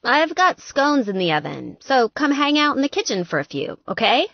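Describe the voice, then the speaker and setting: A woman narrator voicing a bossy, exasperated woman friend who talks briskly and scolds in a raised voice. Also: high-pitched, very animated, no room sound, highs cut off, pitched above the performer's own voice, exaggerated voice.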